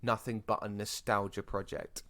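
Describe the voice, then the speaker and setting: A hoarse British man co-hosting a podcast in a chatty, rambling way. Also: lowish voice, flat delivery, moderate pace, fairly bright tone. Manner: chatty, rambling asides, repeats himself. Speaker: podcast co-host. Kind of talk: casual podcast chat.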